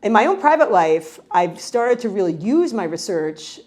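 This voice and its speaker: A middle-aged woman from New York, a researcher who answers questions with animated stories and frequent restarts. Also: mid-range voice, moderate pace. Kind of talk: conversational interview answer.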